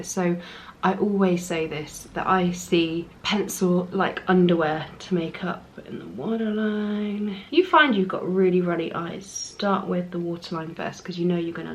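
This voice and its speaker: A young woman chatting through a makeup tutorial, gushing about the products and often dropping into a soft whisper. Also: lowish voice, steady tone, moderate pace, slight background noise, rough recording. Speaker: makeup artist.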